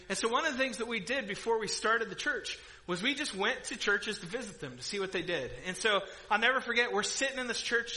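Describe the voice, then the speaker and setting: A middle-aged man preaching a sermon in a church auditorium, with a bright, ringing tone that sits high for a man. He tells stories with animated energy, laughing and breaking into sudden loud outbursts. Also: low-quality recording. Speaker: pastor.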